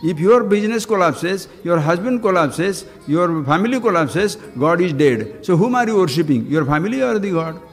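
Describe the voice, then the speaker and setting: A man's voice: high voice, animated, normal speed, few pauses. A man with an Indian English accent, giving a spiritual talk full of rhetorical questions and acted-out dialogue. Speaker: spiritual teacher. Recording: long hall reverb, faint music.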